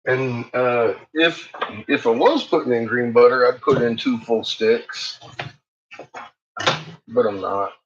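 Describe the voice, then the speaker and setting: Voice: mid-range voice, slow pace, pauses often, a little hiss or hum. A home cook vlogging casually in a kitchen, laughing often, swearing freely and cooing at the pets while cooking. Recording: dull lo-fi audio with loud dogs and clicks.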